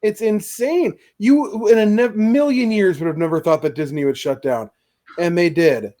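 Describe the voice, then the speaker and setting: A man's voice: high-pitched, moderate pace, mellow. A man co-hosting a casual podcast chat, rambling with lots of filler words. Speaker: podcast co-host.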